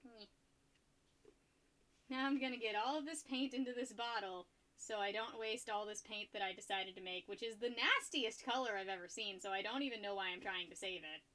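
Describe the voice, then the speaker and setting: A young woman streaming while she paints, chatting casually, rambling and laughing often, and getting loud when excited. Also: mid-range voice, a little fast.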